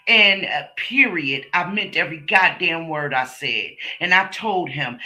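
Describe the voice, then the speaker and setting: A woman with a very bright, piercing edge to her voice talks straight to her viewers. She is middle-aged, blunt and emphatic, and she swears freely as she tells her story. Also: low-pitched, lively intonation, a little slow, hardly any pauses. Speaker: streamer host. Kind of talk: casual monologue to viewers.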